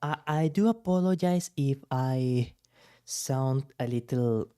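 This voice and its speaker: A man streaming as a VTuber, reacting to clips in a soft-spoken, somewhat formal way. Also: mid-range voice, slow pace, clear, resonant tone, no room sound, studio quality.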